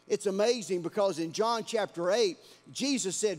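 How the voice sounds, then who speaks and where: High-voiced male preacher in a reverberant hall. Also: moderate pace, hardly any pauses. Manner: dramatic preaching, swings between hushed and shouted lines. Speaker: pastor. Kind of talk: sermon. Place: church sanctuary. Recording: long church-hall reverb.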